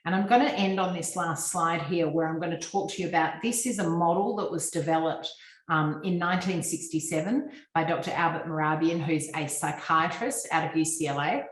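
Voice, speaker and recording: This Australian guest speaker covers personal branding for a business audience over a video call, talking briskly, fluently and instructively with plenty of ums. Her voice is low and echoes as if in a roomy space.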